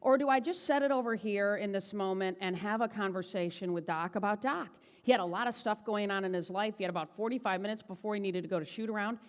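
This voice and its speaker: A woman giving a motivational keynote speech, telling a personal story in a chatty, animated way and often asking the audience "right?". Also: medium pitch, fast, hardly any pauses, long reverb tail. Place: large event hall.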